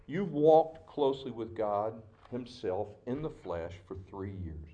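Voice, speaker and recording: A middle-aged man preaching a sermon as pastor, with an emotional, dramatic delivery that swings between loud outbursts and hushed asides. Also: lowish voice, big pitch swings, takes it slowly, highs cut off.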